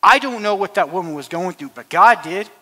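This man's high, bright voice is pushed and brisk, with lively intonation. He's delivering a sermon built around a personal story, earnest but full of restarts and repetitions, and the church hall adds a long reverb.

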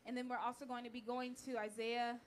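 A woman's voice: a little high, level tone, a little hiss or hum. A young woman preaching at church, reading scripture aloud and thanking those in the room. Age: young adult. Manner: fervent tearful prayer, then warm measured preaching. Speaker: youth speaker at church. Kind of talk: sermon. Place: church sanctuary.

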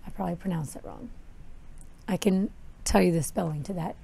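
A woman's voice: on the low side, brisk, creaky, dark tone, breathy edge. A woman hosting a podcast outdoors by a horse corral, talking in a rambling, candid way with lots of "like"s and casual swearing. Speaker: podcast host. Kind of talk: casual chat. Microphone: podcast microphone outdoors.

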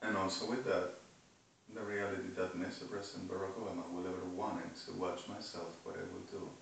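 A rambling, agitated man with a low voice, lurching between loud bursts and muttered asides. He sounds far from the microphone in a very echoey room. A faint hiss sits under the recording. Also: little pitch movement, brisk, creaky. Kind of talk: rambling monologue to camera.

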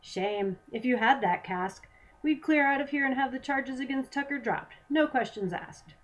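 A woman's voice: high voice, moderate pace, voice pushed up, close to an everyday voice, low-quality recording. A woman voicing a scheming male lawman corporal who mocks and bargains slyly, read in a storybook reading. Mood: smug. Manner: mocking, sly bargaining.

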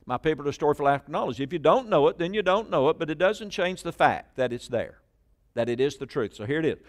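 A man preaching in a church, his fairly high voice leaping up and down with animated energy. He drives a call-and-response with the congregation, shouting key words before dropping to a confiding hush. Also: fast. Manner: swings between loud emphatic bursts and quiet asides. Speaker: pastor. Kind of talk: sermon.

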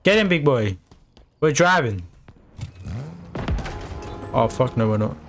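A young man, excitedly commentating his own gameplay and trash-talking opponents. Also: mid-range voice, slow pace. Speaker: gamer. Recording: game music in background.

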